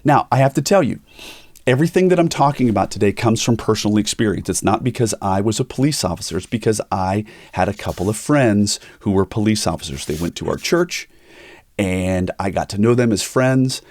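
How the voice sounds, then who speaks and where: This lowish, brisk male voice, recorded dry, belongs to a middle-aged pastor hosting a podcast. He shares personal stories candidly and brings them to life by performing the voices of those he quotes.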